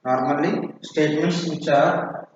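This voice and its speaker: A man teaching a college class, dictating and repeating every phrase very slowly. His voice sits a little high and comes from some distance off in a strongly echoing hall. The recording sounds dull and lo-fi. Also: slight background noise. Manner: repeats each phrase for note-taking. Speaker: college lecturer.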